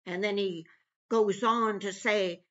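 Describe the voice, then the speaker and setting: A woman's voice: mid-range voice, fairly even intonation, slow, fairly bright tone. A woman giving an earnest personal devotional talk, retelling scripture. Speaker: devotional speaker. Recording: dull lo-fi recording.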